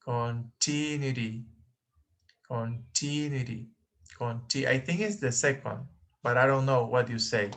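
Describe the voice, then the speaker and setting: A man's voice: medium pitch, normal speed, gravelly, a bit bright. A man teaching an online English class, patiently repeating words for his students.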